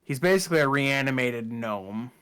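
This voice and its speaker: A man co-hosting a podcast, talking in a relaxed, chatty way about tabletop games. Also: mid-range voice, normal speed, clear, resonant tone. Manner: relaxed, chatty, with fillers and laughs. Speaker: podcast co-host. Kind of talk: casual chat.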